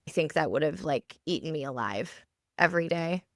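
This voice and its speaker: A woman in her thirties co-hosting a podcast, talking casually in a halting way full of fillers and restarts, recorded at home in a basement. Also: low voice, expressive, no room sound, clean studio sound. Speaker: podcast co-host. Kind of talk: casual chat.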